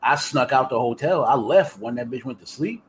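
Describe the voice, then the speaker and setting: A man's voice: medium pitch, expressive, moderate pace, a little hiss or hum, poor audio. Skeptical man, mumbled asides. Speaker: podcast co-host. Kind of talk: casual chat.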